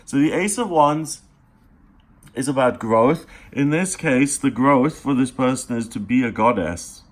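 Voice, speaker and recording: A man giving a daily tarot reading, speaking straight to the listener in an earnest, encouraging way, unhurried, with pauses and fillers. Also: mid-range voice. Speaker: tarot reader.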